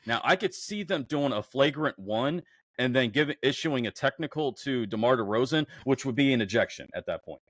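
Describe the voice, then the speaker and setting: A fired-up man on a sports podcast who jumps from low, grumbling stretches into loud, cursing rants. His voice sits in a middle pitch, and it was recorded close up in a dry, dead room. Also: brisk, dry recording. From Houston area. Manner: heated, profane, animated rants. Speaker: podcast co-host. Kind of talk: casual sports chat.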